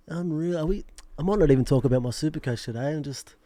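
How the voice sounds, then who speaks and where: Rambling Australian man, mellow and dry. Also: fairly high pitch, fast, dry recording. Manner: rambling, self-mocking, fillers and restarts. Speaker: fantasy football channel host. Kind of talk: casual vlog chat.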